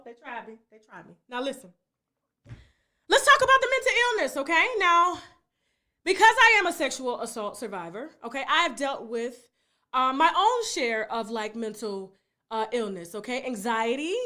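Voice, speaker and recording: Bright, high-voiced emphatic woman. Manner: emphatic, repeats "okay?" and "you understand?". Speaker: gossip vlogger. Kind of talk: animated commentary monologue.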